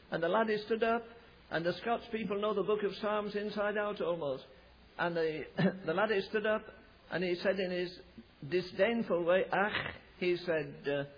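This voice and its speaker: With a high, breathy-edged voice, a preacher recounts a revival story, imitating the people in it and building toward loud, forceful peaks. The recording is dull and lo-fi.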